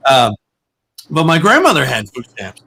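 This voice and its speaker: A man's voice: mid-range voice, huge pitch swings, moderate pace, gravelly, pushed and bright, husky, rough recording. A man hosting a podcast, chatting casually and telling rambling, profane stories full of repeated words. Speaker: podcast host.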